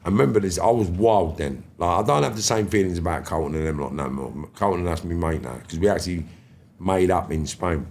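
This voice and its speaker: A London man in his fifties, a podcast guest telling stories in animated, slangy street talk and swearing freely. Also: deep voice, a little fast, creaky, a little hiss or hum. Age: 50s. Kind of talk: storytelling interview.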